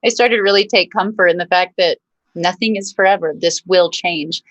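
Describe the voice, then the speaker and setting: A woman's voice: lowish voice, normal speed, a bit bright, no room sound, poor audio. A woman hosting a video call, speaking in an earnest, reflective, motivational way. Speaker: host. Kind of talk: casual video call chat.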